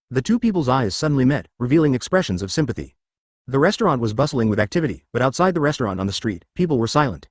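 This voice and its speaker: Brief: male storyteller, animated pitch, a very dry recording. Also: breathy edge, no room sound. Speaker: narrator. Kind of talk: scripted story narration.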